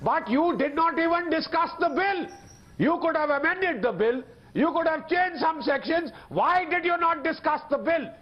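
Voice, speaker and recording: Man shouting accusations on a muffled feed. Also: very high-pitched, animated, moderate pace. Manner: accusatory, shouting over others. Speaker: debate panelist. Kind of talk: heated TV debate.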